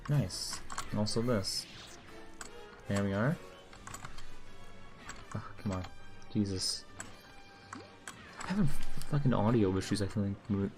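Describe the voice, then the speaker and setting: A young man streaming a video game, muttering casual, profane, sarcastic commentary as he plays. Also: fairly low pitch.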